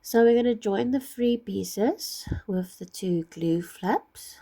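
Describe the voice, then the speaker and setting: Husky woman teaching a slow craft tutorial. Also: medium pitch, warm tone. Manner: patient, explains each step carefully. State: ill with a husky voice.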